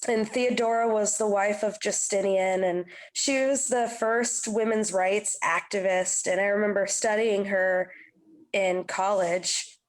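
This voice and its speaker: A young adult woman musician, telling stories in a casual interview, chatty and full of "you know" fillers. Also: mid-range voice. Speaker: musician guest. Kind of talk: casual interview chat, storytelling.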